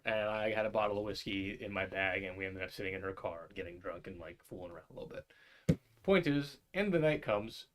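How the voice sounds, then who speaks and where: A young man co-hosting a casual talk show, telling a rambling, profane story and acting out the voices of the people in it. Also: lowish voice. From New York area. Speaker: podcast co-host.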